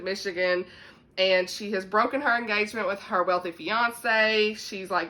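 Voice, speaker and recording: Bright Southern woman book vlogger. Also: mid-range voice. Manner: chatty, laughs often, drawls "y'all". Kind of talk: casual chat to camera.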